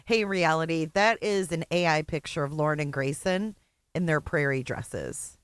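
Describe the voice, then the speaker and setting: A co-host making quick offhand remarks during a live stream. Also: medium pitch, fairly bright tone, clear, resonant tone, no room sound. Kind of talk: casual chat.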